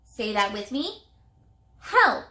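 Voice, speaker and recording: A woman teacher giving a reading lesson to young children, speaking clearly and sounding out words in a sing-song way. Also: fairly high pitch, expressive, measured pace, fairly bright tone, roomy sound.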